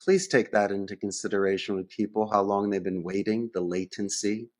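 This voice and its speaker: A man's voice: fairly low pitch, a little fast, a little mellow. A man as a podcast guest who runs a call center, talking in a conversational interview and acting out phone calls in different voices.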